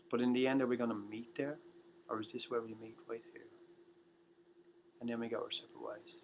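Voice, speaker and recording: A tired man hosting a livestream music show, rambling and ranting with constant swearing, swinging between loud outbursts and muttered asides. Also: medium pitch, slight background noise, low-quality recording.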